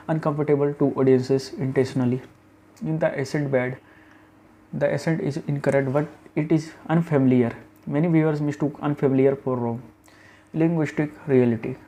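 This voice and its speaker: A man narrates a scripted review in short, clipped phrases, sometimes stumbling and restarting a word. His voice sits fairly high but stays level and monotone, with a dark, mellow tone. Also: low-quality recording.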